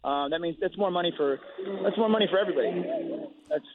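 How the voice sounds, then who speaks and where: A man's voice: high voice, expressive, very noisy. Rambling man on a tinny phone line. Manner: rambling, halting, many restarts. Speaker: guest fighter. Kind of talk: casual phone interview.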